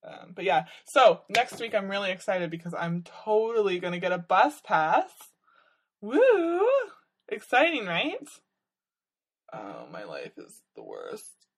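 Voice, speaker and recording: A young adult woman vlogging in a rambling, wry, comic monologue full of fillers and sighs. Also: mid-range voice. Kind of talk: casual comedic monologue.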